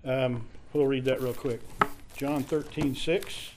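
A man teaching a Bible study lesson in a halting, conversational way, often restarting his sentences. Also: mid-range voice, fairly even intonation, background noise.

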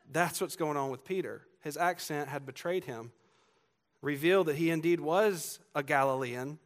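With a slightly high, somewhat bright voice, a Georgia pastor delivers an earnest, emphatic expository sermon. A faded Southern accent colors his speech as he builds on repeated lines and offers asides to the congregation.

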